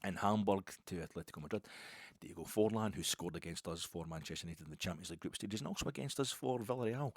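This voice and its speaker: Deep-voiced wry man. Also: quick pace, dry recording. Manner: rambling, chatty, wry, many restarts and asides. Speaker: podcast host. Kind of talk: casual football podcast monologue.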